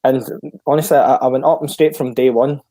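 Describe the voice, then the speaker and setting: A Scottish man, a former footballer, telling a story in a relaxed chat and acting out the dialogue he retells. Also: medium pitch, brisk, no echo. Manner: lively storyteller who acts out the dialogue he retells. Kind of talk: casual storytelling.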